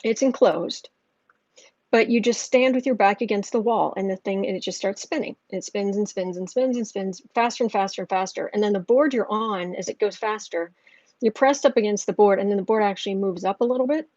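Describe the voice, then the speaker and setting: A woman's voice: mid-range voice, brisk, a little mellow, no room sound, muffled recording. A woman talking through a tarot reading in a loose, rambling way, with lots of restarts. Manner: rambling, chatty storytelling with restarts. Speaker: tarot reader. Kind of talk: casual tarot reading monologue.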